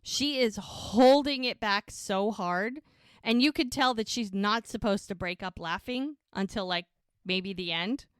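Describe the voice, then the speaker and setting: A woman's voice: medium pitch, a little slow, fairly bright tone, clean tone, no echo, clean studio sound. A woman podcast co-host giving a chatty recap of a TV episode, telling it as a story and acting out the characters' lines. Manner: chatty storytelling, acts out quotes.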